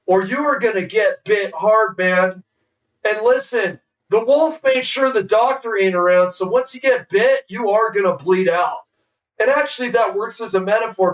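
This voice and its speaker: High-voiced man ranting sarcastically. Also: far from the mic, poor audio. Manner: sarcastic, exasperated, mocking. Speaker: streamer. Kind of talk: ranting commentary.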